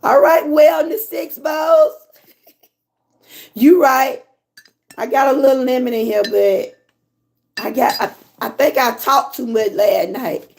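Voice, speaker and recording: A hoarse woman from Georgia with a Southern accent, chatting casually with her livestream viewers and reading their comments. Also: high voice, fairly even intonation, a little mellow. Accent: Southern American. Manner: chatty, drawn-out, talks to viewers as y'all. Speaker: livestream host.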